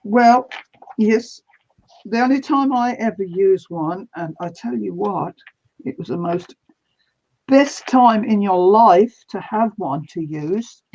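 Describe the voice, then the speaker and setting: A woman's voice: medium pitch, lively intonation, takes it slowly, darkish tone. An older woman, chatting casually and laughing easily while she works on a quilt. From New Zealand. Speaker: crafting vlog host. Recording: dull lo-fi sound.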